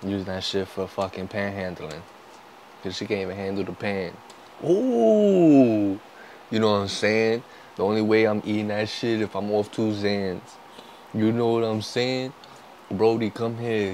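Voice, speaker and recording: A young man, a vlogger, in casual food-tasting chat, swearing constantly, joking and breaking into loud outbursts. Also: fairly low pitch, little pitch movement, normal speed, slight background noise, low-quality recording.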